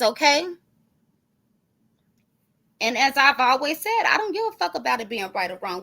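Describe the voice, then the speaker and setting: A woman's voice: sits high, big pitch swings, moderate pace, gravelly, long pauses, sharp tone. A woman, ranting on her stream in a profane, confrontational, sarcastic way. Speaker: online commentary streamer. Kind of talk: heated ranting callout monologue.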